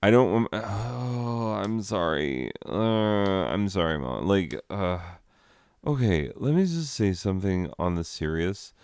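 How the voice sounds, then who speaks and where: A man with a low, smooth voice talking slowly through a loose comedy commentary. He rambles and sounds exasperated, leaning on "like" over and over. The sound is close and dry. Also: sing-song, a little mellow, no room sound. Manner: rambling, exasperated, lots of "like" fillers. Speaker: comedy commentator reading slides.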